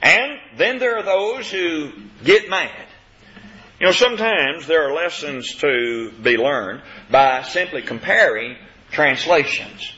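A man preaching a sermon, reading scripture in a steady King James cadence and stressing key words with force. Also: on the high side, takes it slowly. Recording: dull lo-fi sound.

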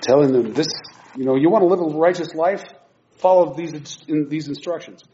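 A man's voice: a little high, brisk, warm tone, a little hiss or hum. Chatty man preaching from the pulpit. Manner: chatty, laughs at himself, restarts phrases. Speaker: preacher teaching a Bible class. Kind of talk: informal sermon with scripture reading. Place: church pulpit. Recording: dull lo-fi recording.

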